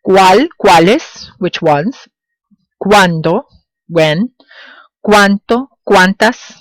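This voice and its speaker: Woman teacher doing a video lesson, says each example word slow and clear, keeps hyping up the class, dry close mic. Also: mid-range voice, expressive, dry recording, rough recording. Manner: clear, deliberate pronunciation of example words; encouraging, addresses students directly. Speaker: Spanish teacher.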